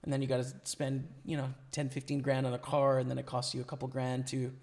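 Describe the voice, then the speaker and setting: Young man, gravelly voice, casual live-stream chatter, thinks out loud, voice going hoarse. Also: mid-range voice, monotone, fast talker. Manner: casual, chatty, thinks aloud about hands. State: losing his voice. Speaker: poker streamer.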